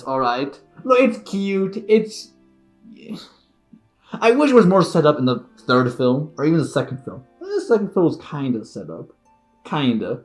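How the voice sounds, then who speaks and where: A man's voice: fairly high pitch, very animated, measured pace, soft background music. A man giving a casual reaction commentary on a film, laughing often and repeating his exclamations. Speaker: reaction video creator.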